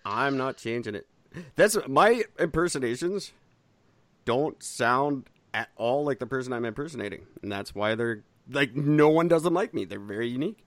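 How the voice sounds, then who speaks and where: A man's voice: normal speed, dry recording. A man co-hosting a podcast in casual chat, blunt and ranting, swearing freely. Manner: blunt, swears freely, rants with animated pitch. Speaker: podcast co-host.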